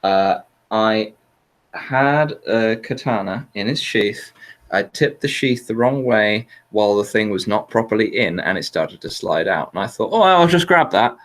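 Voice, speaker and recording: A man's voice: lowish voice, measured pace. A man hosting a casual chat, rambling with hesitant fillers and laughing often. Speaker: podcast host.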